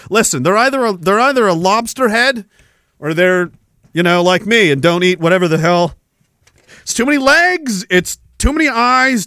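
A man with a high voice hosts a livestream podcast, rambling through a profane rant. He swears freely and chuckles as he goes, jumping from loud bursts to half-mumbled asides. The sound is close and dry, with no room around it. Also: no room sound. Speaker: podcast host.

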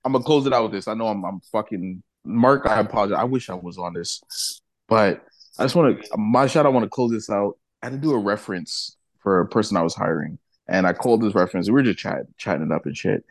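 A man's voice: lowish voice, quick pace, no echo. A man co-hosting a podcast, ranting in casual banter and swearing freely as he retells stories. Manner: animated, profane ranting with acted-out retellings. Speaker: podcast co-host.

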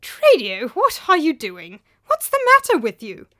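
A woman's voice: high-pitched, huge pitch swings, measured pace, sharp tone, pitched above the performer's own voice, exaggerated voice. A woman voicing a bewildered, indignant old man who demands answers.

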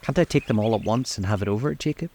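A man's voice: low-pitched, animated, a little fast, a little hiss or hum. A man voicing a frightened old miser who speaks in a faltering, timid, pleading way. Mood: fearful.

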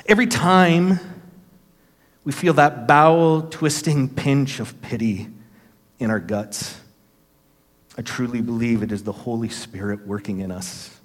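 A man's voice: mid-range voice, a little slow, long pauses. Earnest man preaching in a reverberant hall. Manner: storytelling, acting out quoted voices, earnest. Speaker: pastor. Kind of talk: sermon. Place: church sanctuary.

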